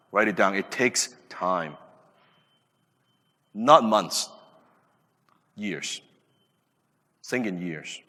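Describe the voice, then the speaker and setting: A man's voice: mid-range voice, a bit bright. Emphatic man in his late thirties. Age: late 30s. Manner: emphatic, with rhetorical questions. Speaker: podcast host. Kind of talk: motivational talk. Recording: reverberant room.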